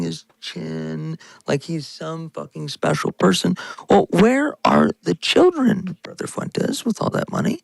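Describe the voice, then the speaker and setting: Male podcast host, furious mocking rant, gravelly voice, dry close mic. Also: high voice, expressive, a little slow, dry recording, poor audio. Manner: ranting, insulting, mocking. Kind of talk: angry political rant.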